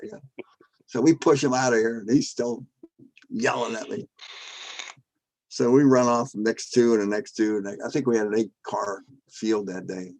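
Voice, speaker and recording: An older man in his seventies spins a yarn with gusto, throwing his voice into the quoted shouting and chuckling between lines. His pitch sits in the middle and the sound is close and dry. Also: normal speed, pauses often, dry recording, low-quality recording. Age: 70s. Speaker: guest, former drag strip starter. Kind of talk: lively anecdotal storytelling.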